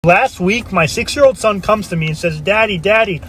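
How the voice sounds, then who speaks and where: A man's voice: high voice, normal speed, slightly rough. A man, a father, telling a joke as a first-person story and acting out the voices in it. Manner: animated, acting out quoted voices.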